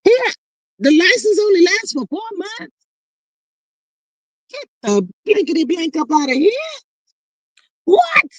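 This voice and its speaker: A woman hosting a casual live stream reads viewer comments aloud and reacts with sass, animatedly calling people child and honey. Her voice is extremely high and a little slow, with long pauses and no room sound.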